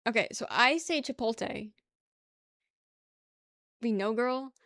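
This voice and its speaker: A young woman chats casually on her livestream, sliding from one topic to the next, laughing and cursing freely. Her voice sits a little high. The sound is dry and close, with no room around it. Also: slow pace, fairly bright tone, no room sound. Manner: chatty, swears casually, laughs often. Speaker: livestream host. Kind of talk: casual chat with chat.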